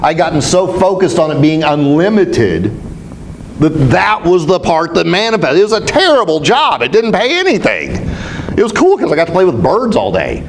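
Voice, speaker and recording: A man speaking as a spiritual teacher, telling stories to a group in an animated, self-mocking way. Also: fairly high pitch, moderate pace, slight background noise. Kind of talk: storytelling talk to a group.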